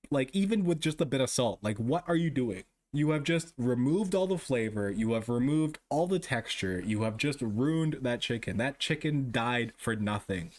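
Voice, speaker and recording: A man's voice: mid-range voice, animated, a little slow. A man streaming a casual chat with his viewers, ranting with lots of swearing and frequent laughs. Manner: profane, ranting, laughs often.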